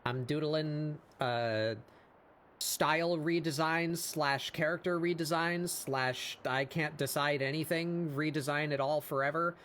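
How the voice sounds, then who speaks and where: Male art streamer, voice going hoarse, unhurried rambling chat, faint noise behind. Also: a little high, steady tone, a bit bright. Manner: rambling and self-deprecating, with frequent fillers and laughs. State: hoarse, losing his voice after hours of talking. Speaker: streamer hosting a weekly art show. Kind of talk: casual live-stream chat while drawing.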